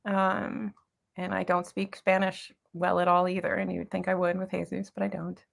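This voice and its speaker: A woman's voice: on the low side, completely flat delivery, moderate pace, creaky. A young American woman hosting a casual book chat, joking and laughing often. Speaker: booktuber host.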